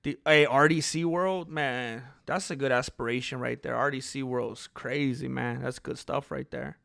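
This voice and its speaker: A man's voice: medium pitch, steady tone, normal speed, gravelly, a bit bright, no room sound. A man hosting a live stream, reading viewer comments and bantering in a laid-back, chuckling way.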